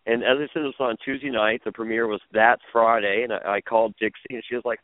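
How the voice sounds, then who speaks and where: A man's voice: mid-range voice, quick pace, few pauses, dry recording. A man telling stories as a podcast guest, rambling with many restarts and fillers. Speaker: podcast guest, former reality show contestant. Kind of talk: casual interview storytelling. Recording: phone-like lo-fi audio.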